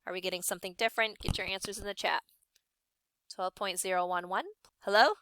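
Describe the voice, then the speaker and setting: A young woman science teacher running an online class, upbeat and encouraging, briskly calling on students by name. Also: mid-range voice, fairly even intonation, fairly bright tone, a little hiss or hum.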